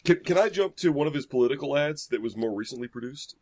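A man's voice: mid-range voice, lively intonation, fast, a little mellow. A man reading an ad description aloud with sardonic, mocking asides. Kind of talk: casual comedic reading and chat.

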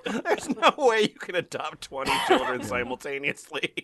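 A man's voice: on the high side, wildly swooping pitch, a crowd in the background. A man on a comedy podcast, chatting casually, laughing and stumbling over fillers. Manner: laughing, halting, full of fillers. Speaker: podcast co-host.

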